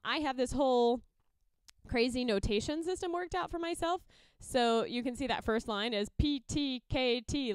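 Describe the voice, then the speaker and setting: A young woman with a higher, smooth and clear voice talks through her music process in a casual tutorial. She is chatty and upbeat and breaks into quick sung or beatboxed examples. The sound is dry and close, with no room around it. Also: no echo.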